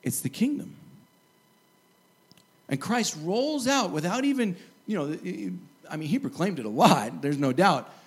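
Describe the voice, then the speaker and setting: Animated high-voiced man preaching. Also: unhurried, long pauses. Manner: lively storytelling, animated asides and laughs. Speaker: pastor. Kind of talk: sermon.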